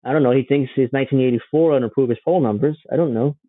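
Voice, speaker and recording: A man's voice: medium pitch, fast, dry recording, phone-quality sound. A man hosting a livestream, giving sarcastic, rambling political commentary. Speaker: livestream host.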